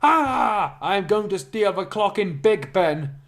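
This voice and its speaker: A man doing a cackling villain clown, high and shrieking. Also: expressive, slow, fairly bright tone, heavily acted. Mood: gleeful. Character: cackling male supervillain clown.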